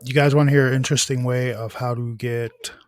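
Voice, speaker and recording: A man's voice: mid-range voice, flat delivery, fairly quick, no room sound. A man co-hosting a casual talk show, telling anecdotes in a rambling way, often restarting sentences and swearing casually. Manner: rambling storyteller, self-corrects, casual swearing. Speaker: podcast co-host. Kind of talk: casual chat.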